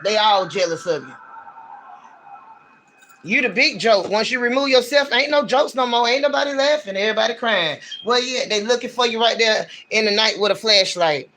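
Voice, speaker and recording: A man's voice: sits high, moderate pace, sharp tone, slight background noise. A man giving a casual livestream tarot reading, talking in a blunt, slangy, ranting way. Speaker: tarot reader.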